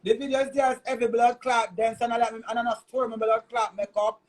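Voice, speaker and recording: A man's voice: very high-pitched, little pitch movement, fast talker, low-quality recording. A man with a Jamaican accent delivering a heated, cursing, repetitive rant in a vlog. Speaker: vlogger.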